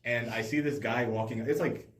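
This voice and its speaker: A man's voice: medium pitch, steady tone, moderate pace. A young man hosting a casual podcast chat, telling stories in a loose, filler-heavy way. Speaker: podcast host. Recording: roomy echo.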